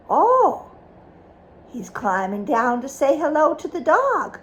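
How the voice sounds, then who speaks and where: A woman's voice: sits high, takes it slowly, a little hiss or hum. A woman reading a picture book aloud to a child, stopping often to ask questions about the pictures. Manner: animated, asks the child questions.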